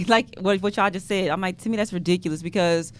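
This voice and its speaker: A woman's voice: lowish voice, moderate pace. A woman hosting a podcast, giving her opinions in casual chat and laughing often. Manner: animated, laughs often, emphatic. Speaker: podcast host.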